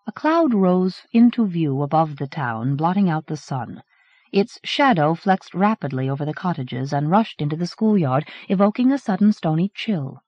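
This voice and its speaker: Expressive woman reading a horror novel. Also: sits low, normal speed, no echo. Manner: expressive storytelling. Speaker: audiobook narrator. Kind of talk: scripted narration. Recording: dry, dull 1980s cassette.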